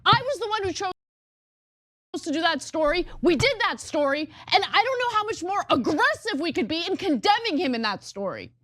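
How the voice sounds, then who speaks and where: Woman, commentary host, exasperated, emphatic, very high, swooping pitch. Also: sing-song, normal speed, fairly bright tone. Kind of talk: heated commentary.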